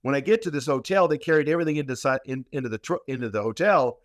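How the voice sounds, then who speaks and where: A man telling a long story in a podcast interview, speaking at a middle pitch. He talks emphatically, repeats words for weight and often restarts. His voice is dry and close to the mic. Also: very fast, no echo. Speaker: guest practitioner.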